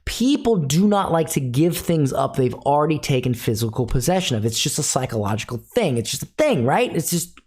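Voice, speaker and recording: A man's voice: on the high side, very animated, a little fast, hardly any pauses, darkish tone, husky. A middle-aged man teaching a sales technique in a direct, instructive way, repeating key phrases for emphasis. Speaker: sales coach.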